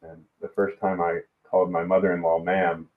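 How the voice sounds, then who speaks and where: Low-voiced Southern American man on a tinny line. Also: little pitch movement, recorded from a distance. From Alabama, US South. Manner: measured, hesitant, many pauses and fillers. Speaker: guest, risk management executive. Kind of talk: casual podcast conversation. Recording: tinny phone-like line in an echoey room.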